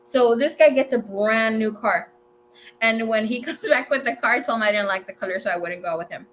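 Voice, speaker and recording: A woman in her twenties hosting a tarot livestream, telling a story in a chatty, animated way, swearing freely and mixing in Spanish words. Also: a little high, brisk, a little hiss or hum. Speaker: tarot reader and livestream host. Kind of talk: casual storytelling chat.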